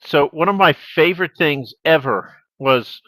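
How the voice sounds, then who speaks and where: A man from the United States with a somewhat high voice tells playful anecdotes. His sound is dry and close, with no room around it, over a video call. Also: moderate pace, pushed and bright, no echo, rough recording. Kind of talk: casual chat.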